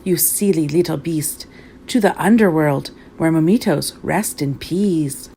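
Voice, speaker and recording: A woman's voice: sits low, unhurried, gravelly, a little hiss or hum. A woman voicing a cheeky pack of little chihuahua dogs that chant and sing together. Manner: chanting together, loud and chirpy.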